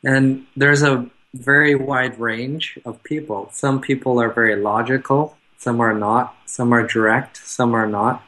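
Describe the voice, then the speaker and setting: Measured male interview guest. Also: mid-range voice, fairly even intonation, pushed and bright, rough recording. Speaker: guest, car business owner. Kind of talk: conversational interview.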